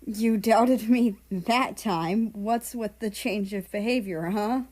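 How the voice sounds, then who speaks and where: Woman doing a crying angry young man, choked, trembling, loud, drawn-out words, mellow tone. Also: medium pitch, pitched above the performer's own voice. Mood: bitter. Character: tearful furious young man.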